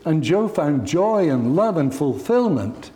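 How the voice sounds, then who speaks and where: Slow, earnest male preacher. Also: on the high side, sing-song, mellow, a little hiss or hum. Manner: earnest, heartfelt storytelling. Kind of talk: sermon.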